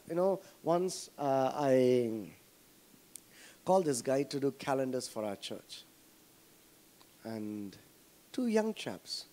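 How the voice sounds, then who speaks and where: A man with an Indian, Tamil-tinged accent preaching a sermon as pastor, firing rhetorical questions at the congregation. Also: mid-range voice. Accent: Indian English, Tamil.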